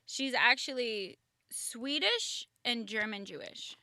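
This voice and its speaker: Bright-voiced woman chatting. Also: fairly high pitch, animated, slow, no echo. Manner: chatty, many fillers, acts out quoted voices. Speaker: guest. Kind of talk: casual podcast chat.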